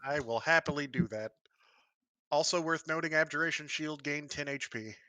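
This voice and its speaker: Upbeat guy in a tabletop game, higher voice, dry close sound. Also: normal speed, bright, forceful tone, no room sound. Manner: upbeat, laughs often. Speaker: player.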